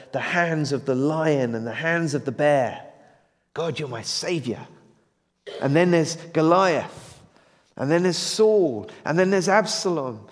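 A man preaching an evening sermon in a church hall, his voice set somewhat high for a man. He is earnest, puts questions to the listeners and presses his points firmly. A long reverb trails behind every phrase. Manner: earnest, building to emphatic, asks the congregation questions.

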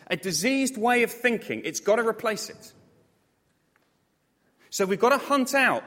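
Animated preacher in a reverberant hall. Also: male voice, sits high. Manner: animated, self-mocking, jokey asides to the congregation. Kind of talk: sermon.

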